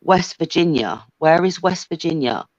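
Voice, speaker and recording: A woman's voice: low-pitched, animated, normal speed, lo-fi sound, a crowd in the background. An English woman chatting casually, laughing often and swearing freely. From England. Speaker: chat guest. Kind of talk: casual chat.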